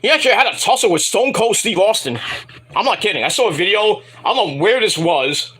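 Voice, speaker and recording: A man's voice: high voice, sing-song, fairly quick, pushed and bright, breathy edge. A man reviewing a wrestling show in a casual, profane, rambling and jokey solo commentary.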